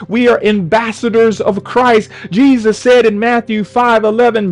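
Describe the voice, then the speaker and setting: A man's voice: high voice, poor audio. A man preaching a sermon with fervent delivery, his voice rising into cries at the peaks. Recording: faint music behind.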